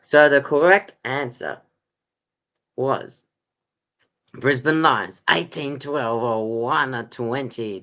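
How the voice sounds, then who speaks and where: A man's voice: medium pitch, fairly bright tone. A man hosting a casual sports podcast quiz, rambling with lots of ums and laughs. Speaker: podcast host running a quiz. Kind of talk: casual chat.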